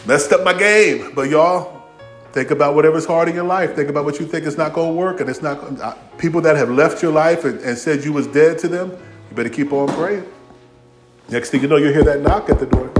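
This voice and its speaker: With faint music in the background, a pastor with a fairly high voice preaches a little fast. He's funny and animated, performing the voices of biblical figures in Southern-tinged vernacular and using words like "y'all" and "ain't."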